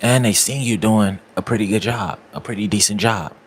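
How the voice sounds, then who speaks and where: A man's voice: on the low side, fairly quick, breathy edge. A man, giving a repetitive, preachy motivational talk aimed straight at the listener. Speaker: motivational speaker.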